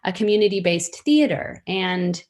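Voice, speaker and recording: This podcast guest is a storytelling practitioner, a woman in her fifties with a fairly low pitch. Her delivery is animated yet a little mellow as she reflects casually on her work, frequently filling pauses and starting sentences over.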